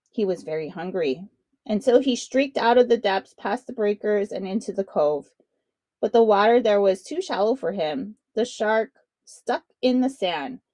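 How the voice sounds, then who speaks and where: A woman reading a children's picture book aloud with expressive, dramatic narration. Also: medium pitch, no echo. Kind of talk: read-aloud storytelling for children.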